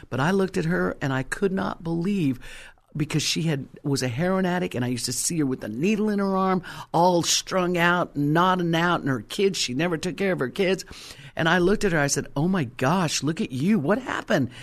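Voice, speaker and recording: A woman's voice: on the low side, moderate pace. An older woman giving a personal faith testimony, telling her story emphatically and acting out the quotes. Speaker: Christian testimony speaker.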